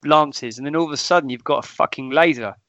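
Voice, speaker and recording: A man's voice: fairly high pitch, fast, pushed and bright, no room sound, dull audio. A man co-hosting a film review podcast, enthusiastic and jokey, now and then swearing. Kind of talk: casual chat.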